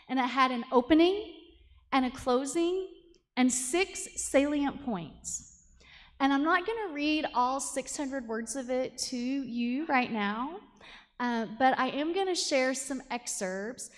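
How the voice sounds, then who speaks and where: A middle-aged woman minister preaching a sermon in an earnest, deliberate way, slowing down on key words. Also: high voice. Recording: long hall reverb.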